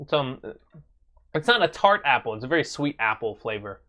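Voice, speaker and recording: A man's voice: medium pitch, sing-song, moderate pace, sharp tone. A young man hosting a casual live stream from his apartment, chatting with viewers in a rambling way with many fillers.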